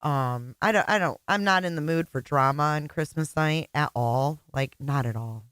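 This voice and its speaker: A woman's voice: deep voice, moderate pace, fairly bright tone, no room sound. A middle-aged woman hosting a casual livestream chat, emotional and teary, greeting viewers by name. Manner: emotional, chatty, reading out viewer names. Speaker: livestream host.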